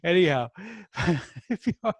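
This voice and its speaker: A man's voice: fairly high pitch, big pitch swings, a little slow, no echo. A man from New York hosting a review channel in casual, joking chat with his viewers, with no regional accent. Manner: jokey, chatty, talks to viewers. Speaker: product review host.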